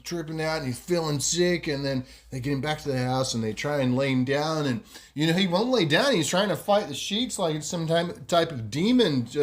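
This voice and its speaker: A man hosting a podcast, telling a story casually and rambling with lots of fillers. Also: fairly high pitch. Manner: rambling, many fillers and "you know". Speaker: podcast host.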